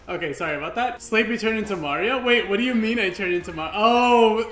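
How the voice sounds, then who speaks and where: A man streaming a video game, reacting with excitable yelps, laughter and frequent swearing. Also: high voice, moderate pace, few pauses, echoey room, soft background music. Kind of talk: live gameplay commentary.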